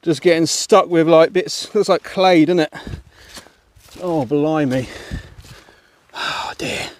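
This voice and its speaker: A man's voice: a little high, measured pace, darkish tone. Chatty man vlogging a muddy walk. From England. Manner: chatty, muttering asides to viewers, mild exclamations. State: panting while climbing a muddy hill. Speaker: walking vlogger. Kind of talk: casual walking commentary to camera. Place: outdoors on muddy woodland footpath.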